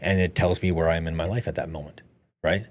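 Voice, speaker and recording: A man with a deep, low voice tells his story at a rapid clip. He is a podcast guest in casual conversation, animated and loose with his swearing, jumping into the voices of the people he quotes. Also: a little hiss or hum. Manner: animated, swears freely, acts out quoted dialogue.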